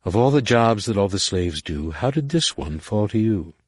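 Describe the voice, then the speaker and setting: A man voicing a calm riddling alien woman. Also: fairly low pitch, breathy edge, no echo, studio quality. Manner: slow, measured, questioning. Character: calm enigmatic female alien mentor, riddling. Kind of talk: audiobook reading.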